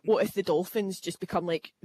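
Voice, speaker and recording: A woman comedian panellist spinning an absurd scenario, building up excitedly. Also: fairly low pitch, fairly quick, slight background noise. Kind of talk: comic speculation.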